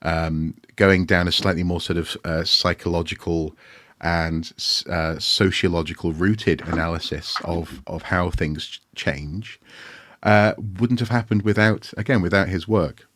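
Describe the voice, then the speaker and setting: Low-voiced man telling a story. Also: fairly even intonation, moderate pace, a bit bright, dry recording, studio quality. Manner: rambling storyteller, self-mocking, frequent restarts. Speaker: podcast co-host. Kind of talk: casual anecdotal chat.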